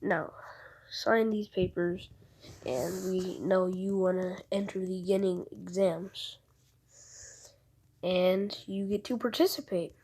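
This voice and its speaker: A woman voicing a laid-back male ninja teacher who speaks in a dry, offhand way, in a husky tone. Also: lowish voice, takes it slowly, long pauses, darkish tone, exaggerated voice.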